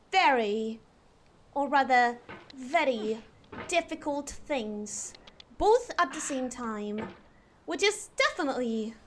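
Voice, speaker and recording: A woman streamer putting on a posh British accent during a live game stream, playing a prim, proper English lady who speaks slowly and sounds out every letter and long vowel. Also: sits high, a bit bright, a little hiss or hum, exaggerated voice. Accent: put-on posh British (received pronunciation). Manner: slow, deliberate over-enunciation of every letter and long vowels.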